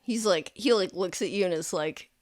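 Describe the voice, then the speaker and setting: A woman's voice: on the low side, moderate pace. A woman narrating as game master of a tabletop game, chatty and rambling, often laughing.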